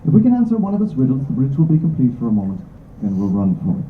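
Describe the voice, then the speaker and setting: A man voicing a brisk female captain with an Irish accent, reading a storybook aloud. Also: mid-range voice, very animated, a little hiss or hum, close to an everyday voice. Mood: urgent. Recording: echoey tinny room recording.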